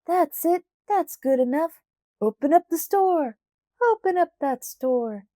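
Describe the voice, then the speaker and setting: A woman doing a shouting, angry mob of workmen. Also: high-pitched, slow pace, dry recording, clean studio sound, pitched above the performer's own voice. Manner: shouting, demanding.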